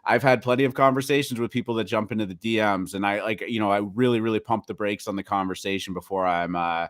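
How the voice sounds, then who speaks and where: A man's voice: lowish voice, fast talker, no room sound, studio quality. A man co-hosting a casual morning show, talking in a rambling way with many fillers. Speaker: co-host of a crypto news show. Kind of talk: casual chat.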